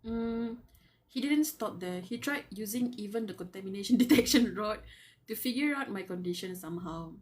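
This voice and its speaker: A woman's voice: medium pitch, animated, normal speed, a little mellow. A woman reading a web novel aloud live, breaking off to gush, squeal and laugh at the characters and talk to them. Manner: gushing fangirl reactions, squeals and laughter; muses aloud, talks to the characters. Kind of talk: live reading with excited commentary.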